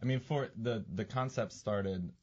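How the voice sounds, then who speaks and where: A woman guest on a radio food show, calm and matter-of-fact about her pop-up. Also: very deep voice, measured pace, husky, muffled recording. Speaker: restaurant guest. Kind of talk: casual interview.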